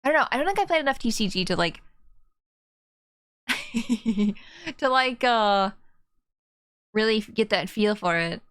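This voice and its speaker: A woman's voice: a little high, sing-song, unhurried, long pauses, a bit bright, no room sound. A young woman streaming a game, chatting casually and laughing as she talks to her viewers. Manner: chatty, laughing, swearing, talking to chat.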